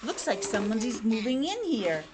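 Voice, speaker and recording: A woman reading aloud, voicing a curious, bold young schoolgirl with excited exclamations. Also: a little high, moderate pace.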